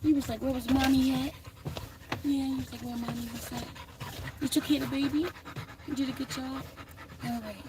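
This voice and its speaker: A woman with a high voice talks on a live phone stream, chatting offhand while calling and coaxing her dogs, her voice often going up and sharp. Heavy background noise from barking and passing traffic runs under everything. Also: little pitch movement, fairly quick, pauses often. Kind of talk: casual live-stream chat.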